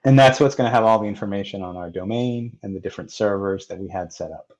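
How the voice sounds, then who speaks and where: A man with a lowish voice talks through a software installation, step by step, in a plain, unhurried way with the odd "uh". The audio is dull and lo-fi, like a screen recording. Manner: plain, step-by-step narration with fillers. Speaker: software tutorial presenter. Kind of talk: screen-recorded technical walkthrough.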